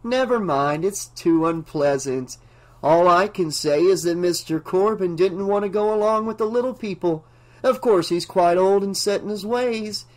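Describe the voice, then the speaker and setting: A man's voice: sits high, moderate pace, a little mellow, pitched above the performer's own voice, lightly acted. A man putting on a dazed, unhinged bank clerk. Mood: dreamy, formal. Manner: dreamy, deferential yet firm. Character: delirious male bank clerk, calm and unhinged.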